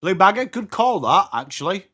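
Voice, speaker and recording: A man from England with an English accent, hosting a live sports watchalong, chatting excitably with viewers between calls of the play. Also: sits high, normal speed, husky. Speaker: watchalong host.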